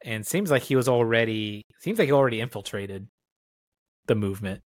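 A man's voice: on the low side, expressive, brisk, no echo. A man co-hosting a film podcast, talking in a laid-back, offhand way and reading bits of articles aloud. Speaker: podcast co-host. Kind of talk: casual film podcast chat.

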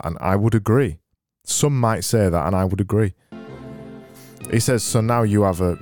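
A man's voice: low-pitched, a little mellow, no room sound. A man hosting a casual solo podcast, rambling in dry, self-mocking asides, with faint music behind. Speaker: podcast host.

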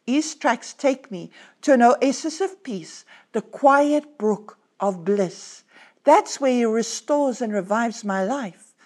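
Woman pastor, podcast sermon, earnest and emphatic, higher-pitched voice. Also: animated, a little mellow. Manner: earnest, emphatic, slows down to stress words. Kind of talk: podcast sermon with scripture reading.

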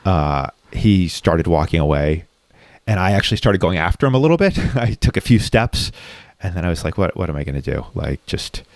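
Male guest, low register, confessional and profane, dry close-miked sound. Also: lively intonation, moderate pace, dry recording. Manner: raw, reflective, frequently profane. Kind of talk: candid personal storytelling in conversation.

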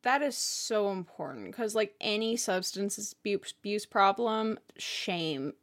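A woman's voice: mid-range voice, lively intonation, unhurried. A woman co-hosting a podcast, chatting casually and emphatically about a romance novel. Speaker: podcast co-host. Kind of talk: casual book recap chat.

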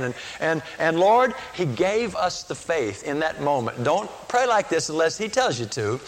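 A man's voice: fairly high pitch, big pitch swings, measured pace, hardly any pauses. A man preaching a sermon, telling a story with earnest emotion and acting out the voices of people in it.

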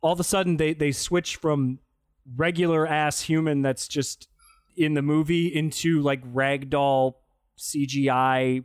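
A man's voice: on the high side, unhurried, clear, resonant tone, dry recording. Dry-sounding man riffing on a bad movie. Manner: animated, mocking, acts out movie lines. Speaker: podcast co-host. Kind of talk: casual movie-review chat.

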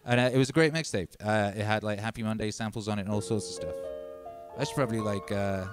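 Chatty man over loud music. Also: on the low side, fast talker. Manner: rambling, chatty, hypes up the chat with shout-outs. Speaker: DJ and livestream host. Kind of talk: casual livestream chat over music. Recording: loud music playing under the voice.

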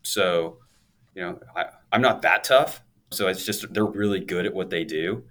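Deep-voiced man telling stories casually. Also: normal speed, a bit bright. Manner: upbeat, chatty, laughs while telling stories. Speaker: guest, law firm owner. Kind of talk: casual interview storytelling.

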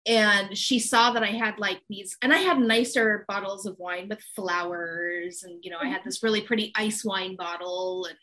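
A woman co-hosting a podcast, telling stories in an animated way. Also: mid-range voice, normal speed, hardly any pauses, low-quality recording. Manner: animated, bright storytelling. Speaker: podcast co-host. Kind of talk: casual chat.

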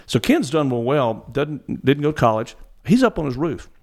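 A man's voice: medium pitch, very animated, normal speed, darkish tone. A middle-aged man from Mississippi, telling stories as a guest, rambling with frequent restarts. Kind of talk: casual storytelling.

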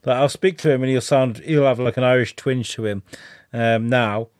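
A man co-hosting a podcast, chatty and easygoing, voice at a middle pitch. The sound is close and dry, like a home setup with no room echo. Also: fairly even intonation, moderate pace. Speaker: podcast co-host. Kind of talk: casual chat.

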